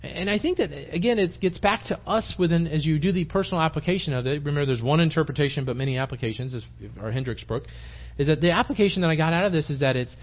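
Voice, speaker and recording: On what sounds like a dull, lo-fi sermon tape, a fast-talking man with a fairly high voice teaches Bible study in church. As a lay preacher, he rambles informally, frequently starting sentences over and performing the quotes he reads.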